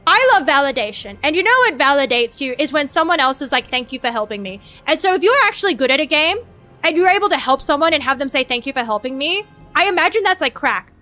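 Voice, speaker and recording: A woman with a high voice chats on a live stream, rambling and cursing freely at her own expense. Faint music plays softly behind her. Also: lively intonation, fast. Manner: rambling, profane, self-mocking. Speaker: VTuber streamer. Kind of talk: casual stream chat.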